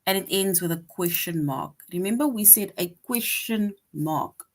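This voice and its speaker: A woman teaching a lesson to young children, patient and slow, reading example sentences aloud with emphasis and checking in often with "right?". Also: medium pitch.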